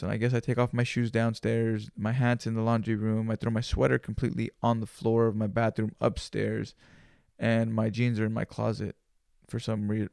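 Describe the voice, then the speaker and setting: A man's voice: lowish voice, vocal fry, darkish tone, dry recording, studio quality. A young man hosting a solo podcast, telling a story in loose, profane slang. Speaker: podcast host.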